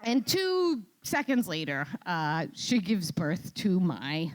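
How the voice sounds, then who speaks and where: A woman with a New York accent telling a comic story on stage, animated and exclaiming, often tagging lines with "right?". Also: fairly low pitch, takes it slowly. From Queens, New York. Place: event stage before an audience.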